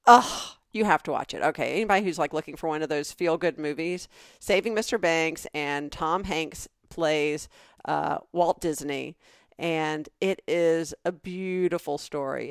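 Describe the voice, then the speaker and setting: A middle-aged Southern woman, a podcast co-host, chatting and telling stories with lively quoted voices. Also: low voice, moderate pace, vocal fry, no room sound, studio quality. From American South. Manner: animated storytelling with quoted voices. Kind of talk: casual chat.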